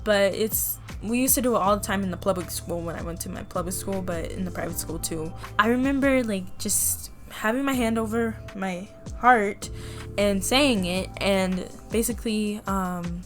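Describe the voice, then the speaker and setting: A young woman casually telling a personal story to the camera, animated and often laughing as she acts out what people said. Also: mid-range voice. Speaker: vlogger.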